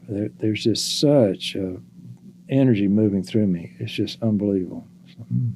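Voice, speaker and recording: An older man, a psychologist guest, talking slowly and reflectively in a casual podcast conversation, with halting restarts. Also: lowish voice, dark tone, a little hiss or hum.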